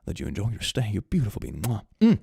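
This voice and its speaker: A young man chats on a home livestream, his voice swooping up and down as he reads fan memes and giggles along. He drops to hushed murmurs, then jumps into excited squeals. It is a dry, close recording with no room sound. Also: on the low side, fast talker, vocal fry, husky, no room sound. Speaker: streamer reading fan memes. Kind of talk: casual livestream chat.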